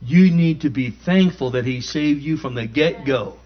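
A man's voice: mid-range voice, moderate pace. A man preaching a sermon with emphatic call-and-response. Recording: dull lo-fi recording.

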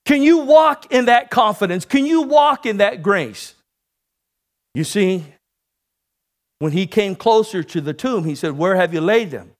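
A man delivers a sermon in a high voice that swings widely up and down. He takes his time, drawing the congregation in with calls for amen, then builds to shouted, excited peaks. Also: measured pace. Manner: call-and-response preaching, rising to shouts. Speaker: preacher.

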